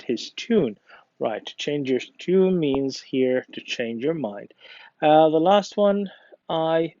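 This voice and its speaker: A male English teacher with an Egyptian accent patiently works through grammar exercises, reading them aloud and praising his class. His mid-range voice is a little mellow with some vocal fry. The recording is dull, lo-fi, and dry, with no echo.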